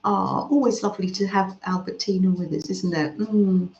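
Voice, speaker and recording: A soft-spoken woman hosting a gentle craft live stream, reading out chat messages and murmuring as she works at home. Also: medium pitch, steady tone, moderate pace. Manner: soft-spoken, murmurs "mm" often, trails off mid-sentence. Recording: roomy, slightly dull home recording.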